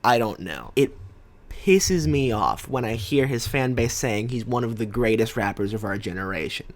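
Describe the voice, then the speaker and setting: A man's voice: mid-range voice, moderate pace. A young man giving an opinionated, argumentative commentary on rap lyrics and quoting lines as he goes. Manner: animated and argumentative, quotes lyrics. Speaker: music commentator.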